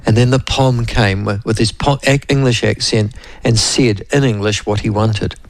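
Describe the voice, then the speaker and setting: Chatty New Zealand radio host. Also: male voice, on the low side, steady tone, normal speed, dry recording. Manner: rambling and chatty, addresses listeners and co-host by name. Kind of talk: casual radio chat.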